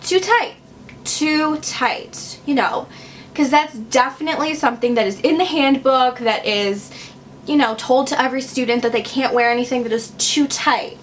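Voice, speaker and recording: A woman's voice: high-pitched, moderate pace, slight background noise. A young woman from Wisconsin telling a personal storytime on her vlog, chatty and sarcastic, full of "like" fillers. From Wisconsin, USA. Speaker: vlogger.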